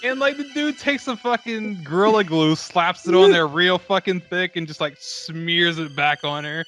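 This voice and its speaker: A man's voice: high-pitched, moderate pace, a bit bright. A man co-hosting a podcast, talking crudely about a movie with lots of swearing. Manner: crude, heavy swearing, laughs into lines. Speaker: podcast co-host. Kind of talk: casual movie-review chat.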